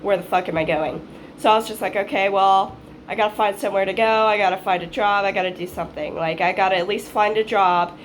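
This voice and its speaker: A woman's voice: medium pitch, steady tone, fast talker, slight background noise. A woman in her twenties, raised in Hawaii, telling a rambling personal story in a casual vlog, swearing freely and acting out what she once said. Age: 20s. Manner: rambling, swears freely, acts out her own past lines. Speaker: vlogger.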